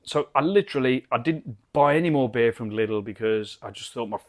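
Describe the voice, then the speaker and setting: A man's voice: medium pitch, brisk. A British man giving a chatty, enthusiastic and rambling beer review from his garden cabin bar. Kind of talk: casual video review.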